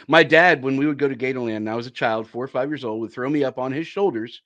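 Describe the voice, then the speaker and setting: A man co-hosting a podcast and telling a childhood story in a relaxed, casual way. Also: medium pitch, quick pace, few pauses, highs cut off. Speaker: podcast co-host.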